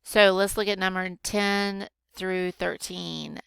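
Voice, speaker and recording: A woman's voice: mid-range voice, fairly even intonation, slow pace, creaky, fairly bright tone, clear, resonant tone, no room sound. A woman teacher patiently walking students through a grammar worksheet, step by step with frequent ums. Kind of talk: recorded grammar lesson.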